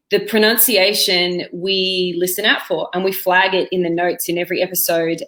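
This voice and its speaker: A woman's voice: fairly low pitch, a bit bright. A woman, the director, hosting a live Q&A, reading audience questions aloud and answering them. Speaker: director and host.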